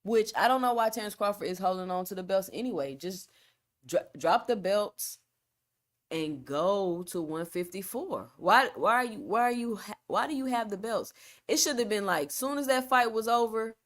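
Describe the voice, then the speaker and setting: A woman's voice: medium pitch, normal speed. A woman from Texas with a Texan accent, hosting a solo live stream, talking in an emphatic, repetitive way with casual slang and reading the chat. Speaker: boxing channel host.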